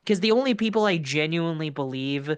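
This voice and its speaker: A man's voice: fairly high pitch, lively intonation, fairly quick, clean tone, dry recording. A young man co-hosting a podcast in casual chat, blunt and sarcastic, swearing freely. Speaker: podcast co-host.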